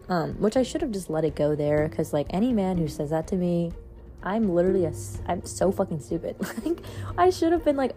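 A woman's voice: medium pitch, a little fast, soft background music. A young woman telling a dating story in casual talk, exasperated and swearing. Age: young adult. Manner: exasperated, swearing, animated retelling. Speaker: podcast host.

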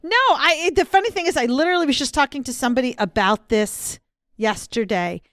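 A woman's voice: high voice, fairly quick, fairly bright tone, no room sound, studio quality. A candid, self-deprecating woman. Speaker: podcast guest, author. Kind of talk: frank casual chat.

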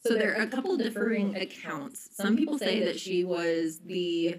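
A woman's voice: mid-range voice, normal speed, a little mellow, rough recording. A young woman telling a history story on a casual podcast, chatty and full of ums and likes.

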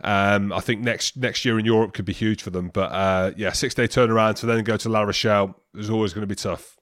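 A man's voice: on the low side, fairly even intonation, a little fast, a bit bright, dry recording, clean studio sound. A man co-hosting a podcast, chatting in a rambling, bantering way. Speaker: podcast co-host. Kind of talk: casual chat.

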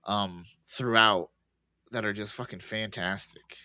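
A man co-hosting a podcast, chatting casually and relaxed about a movie, swearing easily and restarting his sentences. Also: lowish voice, unhurried, no echo. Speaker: podcast co-host. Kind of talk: casual movie-recap chat.

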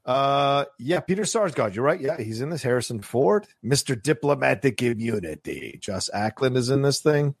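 A man co-hosting a casual movie chat, animated and quick to agree and interject. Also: medium pitch, vocal fry, husky, dry recording, clean studio sound. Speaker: podcast co-host.

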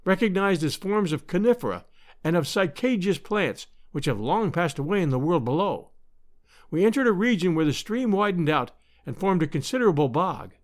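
A male narrator reads an adventure novel aloud in scripted narration, measured yet expressive. His voice sits fairly high and moves with lively, wide-ranging intonation. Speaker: audiobook narrator.

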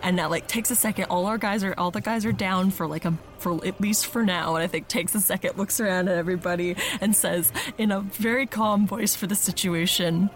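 A woman playing a tabletop game, describing her character with halting, filler-heavy phrasing. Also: mid-range voice, steady tone. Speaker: player. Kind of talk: tabletop game actual play.

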